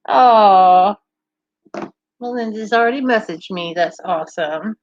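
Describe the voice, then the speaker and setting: A woman's voice: medium pitch, slow pace, no echo, lo-fi sound. A woman from Kentucky with a mild Southern accent, hosting a casual livestream and chatting playfully while reading out viewer comments. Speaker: livestream host.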